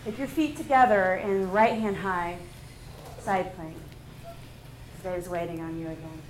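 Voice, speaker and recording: A woman teaching a live yoga class, giving calm pose and breath cues with playful laughs. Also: fairly low pitch, measured pace, background noise. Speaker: yoga instructor. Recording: echoey room.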